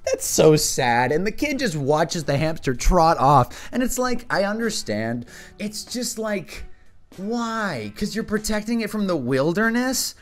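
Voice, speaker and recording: A man vlogger ranting to camera in an exasperated, animated way, swearing often. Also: high-pitched, unhurried, soft background music. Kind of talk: casual comedic rant to camera.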